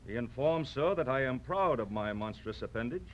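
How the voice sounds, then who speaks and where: A man's voice: mid-range voice, animated, normal speed, highs cut off, close to an everyday voice. An actor playing a proud, mocking poet swordsman with a huge nose, declaiming in theatrical old radio-drama style. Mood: indignant. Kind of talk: vintage radio drama acting.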